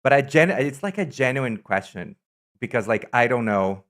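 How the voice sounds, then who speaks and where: A man's voice: mid-range voice, animated, moderate pace, a bit bright. A man streaming a card game, chatting casually with viewers in English, which isn't his first language, often breaking off and restarting his sentences. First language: not English.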